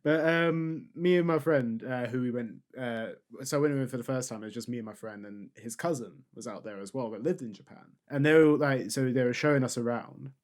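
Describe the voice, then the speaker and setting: A man's voice: mid-range voice, a little fast, few pauses. A young British man co-hosting a podcast, telling travel stories in casual chat and laughing often. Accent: British English. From England. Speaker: podcast co-host.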